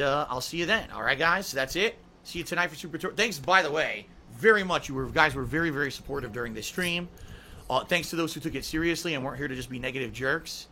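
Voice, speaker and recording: A man with a fairly high, bright and forceful voice ends his live-stream podcast from home. Emotional and near tears, he reads viewer messages and says goodbye in a heartfelt, casual way full of swearing and filler words.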